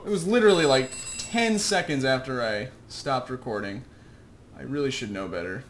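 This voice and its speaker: A man talks through a video game at a mid pitch in a loose, meandering way, poking fun at his own choices and chuckling as he goes. Faint keyboard tapping sits quietly behind him. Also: expressive, normal speed, slight background noise. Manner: rambling, self-deprecating, chuckling asides. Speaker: let's play host. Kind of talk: casual gameplay commentary.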